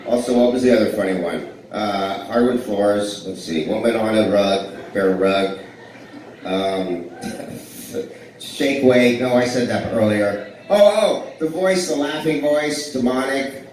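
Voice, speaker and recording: A fortysomething man doing live stand-up at a blues club rambles through self-deprecating tales and banters with the crowd. His voice is on the low side, slow and a little mellow, recorded from far off in an echoey club with a little hiss or hum.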